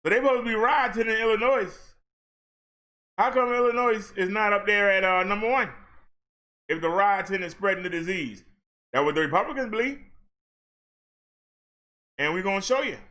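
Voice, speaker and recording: Male vlogger, high voice, sarcastic ranting commentary. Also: moderate pace, long pauses, bright, forceful tone. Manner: sarcastic, talks back at the figures he reads. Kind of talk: ranting commentary over case numbers.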